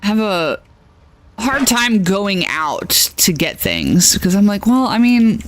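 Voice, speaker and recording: A woman's voice: medium pitch, very animated, takes it slowly, a little hiss or hum. A woman streaming a video game, chatting casually in rambling asides and laughing often. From United States. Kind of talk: casual chat while playing a video game.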